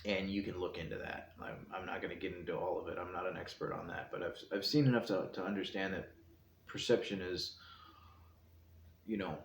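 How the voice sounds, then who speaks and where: A deep-voiced man talks through his ideas in a thoughtful, meandering way, as if thinking aloud. He sits in an echoey indoor room, and a faint hiss runs underneath. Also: fairly even intonation, fairly quick, creaky. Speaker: host. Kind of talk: casual reflective talk. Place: indoor room, seated in a chair.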